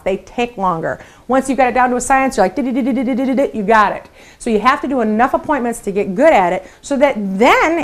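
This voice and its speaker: A middle-aged woman with a fairly high voice leads a training session for new sales consultants. She is upbeat and encouraging, and she slips into lively voices to act out sample phone calls. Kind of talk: training talk to camera.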